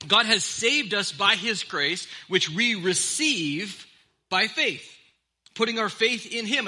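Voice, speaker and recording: A middle-aged man delivers a sermon from the pulpit with a strikingly bright, sharp tone. His voice sits a little high for a man. He speaks earnestly and conversationally, stumbling into small restarts now and then. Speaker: pastor. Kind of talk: sermon with opening prayer.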